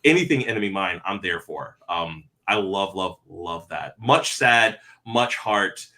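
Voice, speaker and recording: A man's voice: deep voice, lively intonation, unhurried, bright, forceful tone. A man hosting a casual online panel chat, rambling and heartfelt, stammering through frequent restarts. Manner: heartfelt and effusive. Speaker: panel host.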